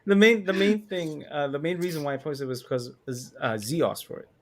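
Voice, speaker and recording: A man's voice: a little high, animated, a little fast, a crowd in the background. A man in his thirties hosting a stream, chatting casually in a laid-back, rambling way. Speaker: stream host. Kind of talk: casual chat.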